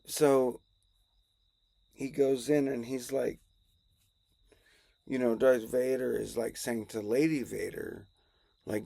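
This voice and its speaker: A man's voice: medium pitch, steady tone, slow pace, vocal fry, long pauses, warm tone, no echo. A man improvising a comic story in a casual, rambling way, chuckling and correcting himself as he goes.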